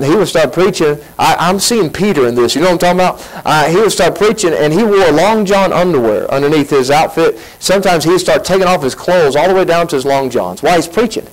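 A man preaching a sermon as pastor, folksy and animated, acting out quotes as he goes. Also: on the high side, low-quality recording. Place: church sanctuary.

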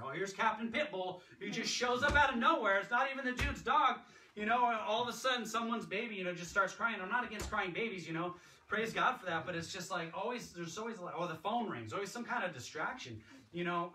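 A man's voice: high-pitched, bright, forceful tone. A man preaching a sermon in a church, with a conversational manner and acted-out quotes. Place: church sanctuary. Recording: echoey hall, distant mic, background noise.

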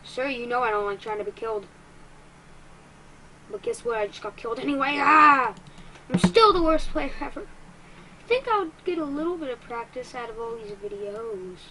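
A woman giving excitable let's-play commentary as a gaming YouTuber, quick to get frustrated and poking fun at herself. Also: a little high, slight background noise, rough recording.

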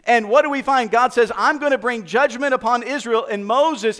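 A man with an American accent preaching a sermon, swinging from soft, low asides to loud, impassioned appeals. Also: normal speed, few pauses. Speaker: pastor.

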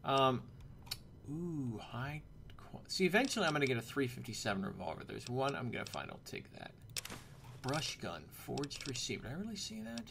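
A chatty man talks his way through a game in a casual let's-play. His voice is gravelly with a lot of fry, and his pitch swings widely as he jokes around. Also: very animated, moderate pace, a bit bright, a little hiss or hum. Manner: chatty, joking asides. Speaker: gameplay commentator.

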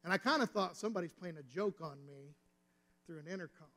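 A man's voice: a little high, brisk, fairly bright tone. A man preaching a sermon as pastor, telling a personal story with rising and falling intensity. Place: church sanctuary. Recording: reverberant church hall.

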